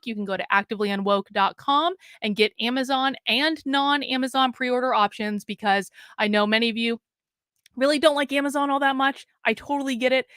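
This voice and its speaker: An upbeat woman with a slightly high voice hosts a live online chat. She speaks plainly and promotes her book in a friendly way. The sound is dry and close. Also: a bit bright, clean tone, no room sound. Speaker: host and author. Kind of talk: casual interview hosting.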